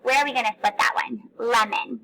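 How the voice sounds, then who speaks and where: Cheerful teacher woman, bright voice. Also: on the high side, creaky, poor audio. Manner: patient, encouraging, drawn-out word sounding. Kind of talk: recorded phonics lesson for children.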